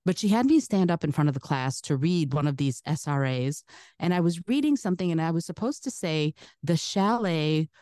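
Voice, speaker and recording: A woman from the Soviet Union, native Russian speaker, speaking broadcast-style American English as an interview guest, chatty and animated, laughing often. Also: low-pitched, a little fast, dry recording, studio quality. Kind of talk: casual interview storytelling.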